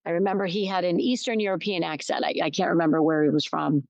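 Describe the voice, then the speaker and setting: A woman's voice: lowish voice, quick pace, vocal fry, darkish tone, no room sound, dull audio. A middle-aged woman hosting a solo podcast, telling a personal story candidly, with restarts and emphatic repetition. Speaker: podcast host. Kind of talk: reflective solo podcast talk.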